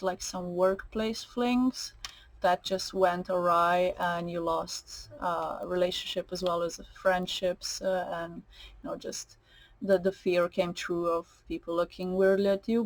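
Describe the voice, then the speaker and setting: A woman's voice: medium pitch, a little mellow, no room sound, low-quality recording. A woman giving a tarot card reading, slightly nasal, meandering, with many fillers and restarts. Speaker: tarot reader.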